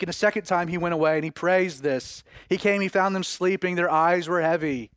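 High-voiced preacher, dramatic sermon. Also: male voice, a little fast, hardly any pauses, clean tone, no room sound, clean studio sound. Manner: dramatic, swings between loud and hushed.

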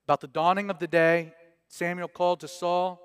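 A man's voice: high voice, level tone, moderate pace, a bit bright, clear, resonant tone. A man preaching a casual verse-by-verse sermon as pastor, conversational and joking with slang asides.

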